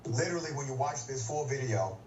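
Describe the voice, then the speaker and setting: A man's voice: medium pitch, expressive, fairly quick, darkish tone, a little hiss or hum. A man giving emphatic commentary and posing pointed questions to viewers, played as a clip. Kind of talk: scripted commentary. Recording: roomy, distant, dull clip.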